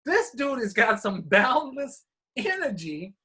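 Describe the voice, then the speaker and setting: A man's voice: extremely high pitch, big pitch swings, slow, pushed and bright, a little hiss or hum. A man co-hosting a podcast in a casual chat, asking the questions and steering the talk. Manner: chatty, leads the questions. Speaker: podcast co-host.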